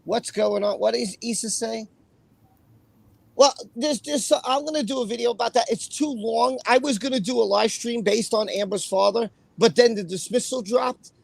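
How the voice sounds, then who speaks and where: A man's voice: extremely high pitch, normal speed, gravelly, no room sound. A man hosting a casual livestream, greeting chat viewers by name in a chatty way. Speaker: livestream host.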